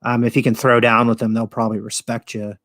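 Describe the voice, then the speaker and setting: An American man with an average-pitched voice, chatting loosely on his podcast stream. He rambles, swears freely, and laughs at his own asides. The sound is dry and close, with no room echo. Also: flat delivery, fast, a bit bright. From United States. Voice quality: profane, rambling, laughs often. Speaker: podcast host. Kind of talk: casual livestream chat.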